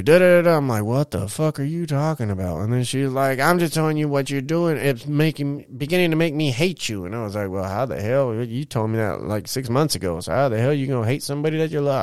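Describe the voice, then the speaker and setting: A male podcast host speaks in a casual, rambling monologue, candid and full of swearing. His voice is smooth and clear. The sound is dry and close. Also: medium pitch, no echo.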